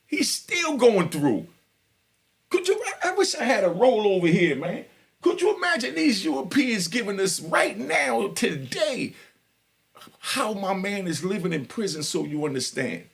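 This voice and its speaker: An older man, ranting loudly and with heavy profanity at viewers of his prison stories vlog. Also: sits high, sing-song, measured pace, vocal fry. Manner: loud, profane, preaching to viewers. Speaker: prison story vlogger. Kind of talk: heated unscripted monologue.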